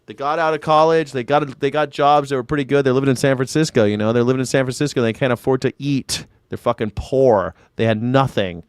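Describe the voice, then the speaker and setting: This man, an independent news and culture commentator, streams casually from his Southern California home, rambling, cursing and joking with chat viewers he addresses by name. His mid-range voice runs fairly quick with hardly a pause, smooth and crisp on a close, dry mic with no echo.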